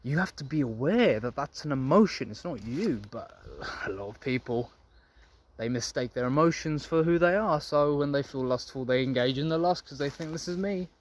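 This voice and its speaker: A young adult man, a men's self-improvement vlogger, speaks to camera in an expressive mid-range voice at a moderate pace. His monologue about dating is blunt, profane, and preachy, lecturing the men watching and calling them gentlemen.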